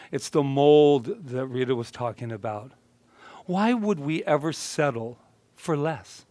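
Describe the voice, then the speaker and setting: A man's voice: medium pitch, unhurried, mellow, no echo. A male minister giving a casual, joking sermon and chatting with his congregation. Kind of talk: conversational sermon.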